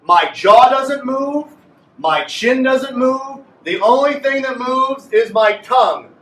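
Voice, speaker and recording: A man with a very high voice leads a group clarinet lesson in a playful, coaching way. He is recorded from a distance in an echoey room with a little background noise. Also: expressive, takes it slowly, over music. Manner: playful, coaching a class aloud. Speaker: music teacher.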